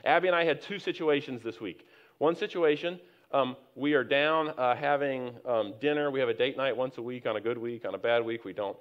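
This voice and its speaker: A man's voice: medium pitch, fairly quick. A middle-aged man preaching a sermon as the pastor, telling stories in a conversational way that builds to emphatic points. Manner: conversational, anecdotal preaching with many restarts and rising emphasis. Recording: slightly dull, lo-fi sound.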